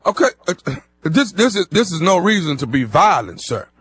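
A man in his fifties making a prank phone call as a radio host, loud and teasing with mock concern. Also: sits high, very animated, moderate pace, breathy edge. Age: 50s.

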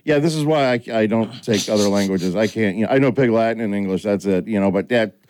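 Speaking fast in a fairly low voice, a middle-aged man hosts a relaxed podcast conversation. He tells stories with lots of animation and performs the quoted lines.

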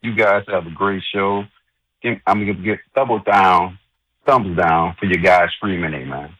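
A man's voice: sits low, fairly even intonation, moderate pace, fairly bright tone, slightly rough. A male caller mockingly complaining about a TV host, heard over a dull line. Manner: mocking, dramatic nicknaming. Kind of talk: call-in rant.

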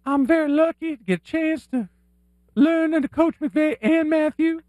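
A man's voice: very high-pitched, moderate pace, darkish tone, no echo, clean studio sound. A man voicing a pompous, genteel Southern quarterback with a put-on Southern drawl, talking in a prim, formal way. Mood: earnest.

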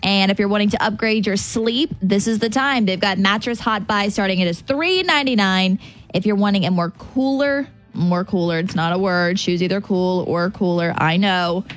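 A woman's voice: medium pitch, moderate pace, few pauses, soft background music. A woman radio host chatting casually and reading a live store ad, correcting herself and stumbling over the fine print. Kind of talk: casual morning radio banter.

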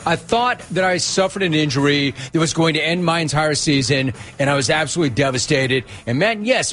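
A man's voice: fairly high pitch, a little fast, hardly any pauses, fairly bright tone, soft background music. A middle-aged man hosting a sports talk radio show, delivering a brash, punchy monologue. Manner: brash, punchy, mocking quotes in a whiny voice.

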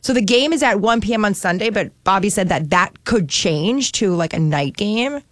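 A woman's voice: mid-range voice, expressive, normal speed, a bit bright, no room sound. A woman from New Jersey, co-host on a radio talk show, telling stories in a chatty, giggly way full of fillers like "like" and "um". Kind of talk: casual chat.

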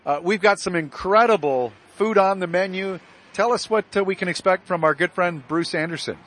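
A man's voice: high-pitched, moderate pace, a bit bright. A man hosting a live community radio broadcast from a sports bar, upbeat and enthusiastic in casual chat. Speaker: radio host on remote broadcast.

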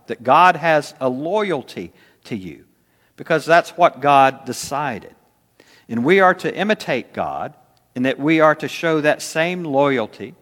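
A man preaching a sermon as pastor, earnest, slowing down to stress key words. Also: mid-range voice, fairly bright tone, big-room sound.

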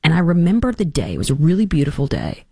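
Sarcastic lady talk host, pitch jumping all over, dry close mic. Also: fast, husky, no room sound. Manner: animated, sarcastic, acts out quotes. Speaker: radio talk show host. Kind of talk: opinionated casual commentary.

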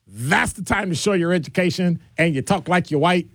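A middle-aged man hosting a call-in radio show, talking in a jokey, animated way and shifting his voice for quoted people. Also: sits high, brisk, dry recording, studio quality.

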